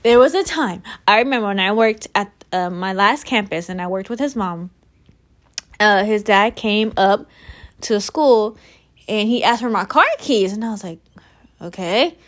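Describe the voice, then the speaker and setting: A young woman co-hosting a casual chat, bubbly and quick to laugh. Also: mid-range voice. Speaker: podcast co-host.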